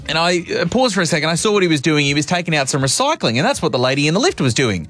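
Chatty Australian radio host, lively voice. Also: male voice, a little high, rapid-fire, hardly any pauses, faint music behind. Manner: chatty, self-mocking storyteller. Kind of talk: casual radio chat.

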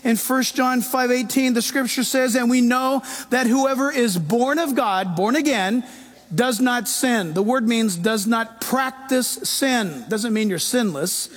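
A man pastor preaching a sermon in an animated way, acting out quoted voices. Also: extremely high pitch, a little slow.

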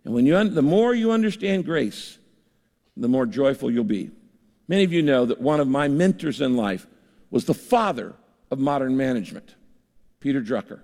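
A man's voice: mid-range voice, expressive, moderate pace, a little mellow, long reverb tail. An older man preaching a sermon in an earnest, conversational way, speaking to a large church auditorium. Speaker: pastor.

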